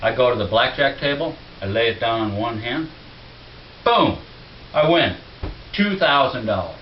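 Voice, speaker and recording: A man doing a stand-up routine in a comedy club, telling a story in an easy, conversational way that leads to punchlines. His voice sits at a middle pitch. The recording is dull and roomy, with a faint hiss underneath. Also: animated, moderate pace, recorded from a distance.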